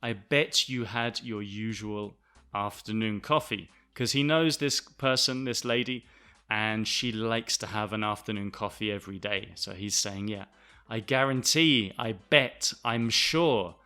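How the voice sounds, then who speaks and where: A man from the south of England with a Southern English accent, explaining English vocabulary to learners in a clear, deliberate way. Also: on the low side, steady tone, pushed and bright. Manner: clear, deliberate, spells words out. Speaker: English teacher, podcast host.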